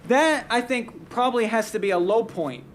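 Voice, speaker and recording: A man's voice: extremely high pitch, expressive, moderate pace, slight background noise. A man hosting a casual live sports talk stream, giving blunt, heated opinions and often restarting his sentences. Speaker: sports talk show host.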